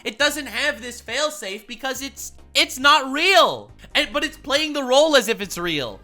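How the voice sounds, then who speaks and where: A male reaction streamer with a very bright, cutting voice whose pitch leaps all over as he comments. He swings between loud, profane, exasperated rants and hushed mutters. Faint music plays underneath. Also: expressive, moderate pace.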